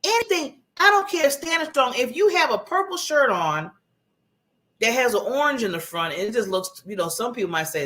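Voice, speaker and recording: A woman hosting her own talk show, giving a motivational talk in a conversational, animated way and acting out contrasting voices. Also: a little high, normal speed. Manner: conversational, laughs at herself.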